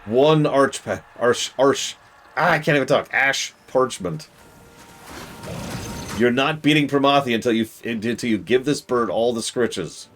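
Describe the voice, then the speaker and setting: A man streaming a game, commenting live and exasperatedly scolding the characters on screen, switching between loud outbursts and low muttering. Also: a little slow.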